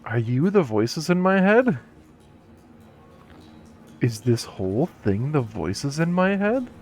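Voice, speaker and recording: A man's voice: a little high, sing-song, slow, darkish tone, faint music behind. A man streaming a video game live, commenting playfully and joking back at the characters. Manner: playful, jokey, talks to the game.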